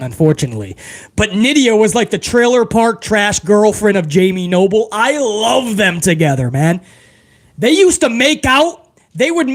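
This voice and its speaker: A man hosting a live review stream, reading out viewer questions and answering in a loose, profane, animated way. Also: high voice. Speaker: host.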